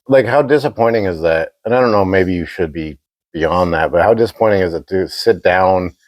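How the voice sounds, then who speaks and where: A man's voice: sits low, a little fast, no room sound. A man co-hosting a podcast, telling a rambling, profane story in casual chat. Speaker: podcast co-host.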